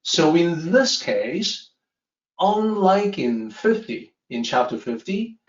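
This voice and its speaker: Guy teaching philosophy off a slide, calm and explaining, a bit far from the mic, kinda dull sound. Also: fairly high pitch. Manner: measured, explanatory, stresses key words. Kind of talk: lecture explaining a text with a slide table. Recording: roomy, distant, slightly dull sound.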